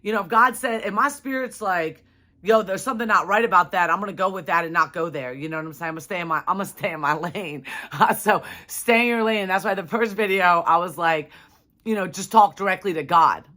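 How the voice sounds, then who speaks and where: A woman's voice: lowish voice, brisk, bright, forceful tone. A young adult woman telling a personal story to her viewers in a casual, chatty way, full of "like" and "you know". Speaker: vlogger.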